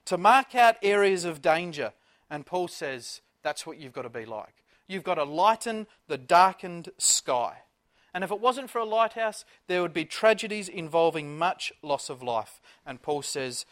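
A man delivering a sermon in a fairly high voice. He preaches with fervour, pressing the congregation with rhetorical questions. He swings from loud emphasis to hushed asides. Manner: impassioned, rhetorical questions, big swings in loudness.

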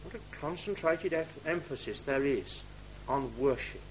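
A man preaching a sermon, reading scripture aloud in old wording and dropping to quiet asides to the congregation. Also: fairly high pitch, animated, a little slow, slight background noise, rough recording.

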